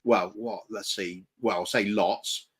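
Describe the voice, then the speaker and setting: A man's voice: fairly low pitch, steady tone, slow pace, a bit bright, slightly rough. A man co-hosting a live fan stream, talking in a reflective, rambling way. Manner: reflective, rambling, many restarts and fillers. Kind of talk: casual chat on a live stream.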